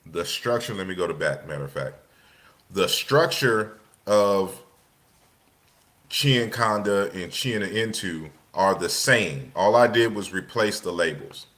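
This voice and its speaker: A man's voice: sits low, expressive, unhurried, a bit bright. A man with a casual way of speaking, lecturing over slides in a loose, conversational manner full of restarts.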